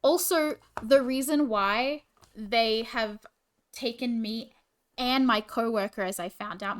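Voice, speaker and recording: Woman, 20s, teacher and livestreamer, casual stream chat, exasperated venting, swears a lot, slightly high voice. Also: a bit bright.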